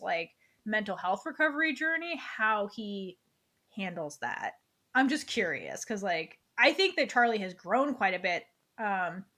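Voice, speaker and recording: A woman's voice: mid-range voice, fairly bright tone. A woman co-hosting a casual book club chat, talking eagerly and rambling with many fillers. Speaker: podcast co-host.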